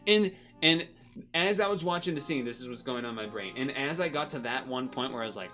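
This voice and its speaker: A man's voice: mid-range voice, animated, a little fast, pushed and bright, soft background music. A man streaming a game, chatting casually and rambling between moves, often laughing. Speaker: gaming streamer. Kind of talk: casual commentary while playing.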